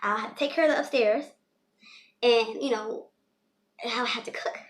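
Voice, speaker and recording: A woman's voice: a little high, moderate pace. A young woman telling a personal story in a casual, rambling way, full of "you know" fillers. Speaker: storyteller vlogger.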